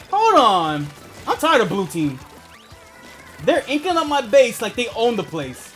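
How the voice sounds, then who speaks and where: Animated high-voiced man streaming a game. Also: unhurried, pauses often, soft background music. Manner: profane, rambling, laughs often. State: asthmatic. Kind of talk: casual gaming stream chat.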